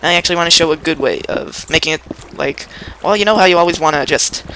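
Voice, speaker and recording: A young man chatting through a gameplay tutorial in a bright, gravelly voice, rambling and playful. He hums little sound effects as he builds, recorded on a computer mic with faint noise behind. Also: fairly high pitch, fast, rough recording. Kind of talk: casual gameplay tutorial commentary.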